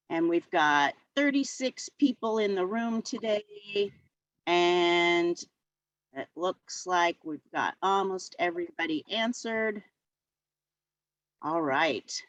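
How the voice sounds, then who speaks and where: A woman's voice: mid-range voice, fairly bright tone, no room sound, highs cut off. A woman who teaches middle school art, presenting a virtual workshop in a chatty way with many fillers. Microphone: video call.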